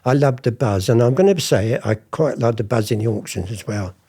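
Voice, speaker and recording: A man's voice: mid-range voice, fairly quick, husky. An older man, telling rambling stories as an interview guest. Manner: rambling, animated anecdotes with acted quotes. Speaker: interviewee, art forger. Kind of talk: casual storytelling.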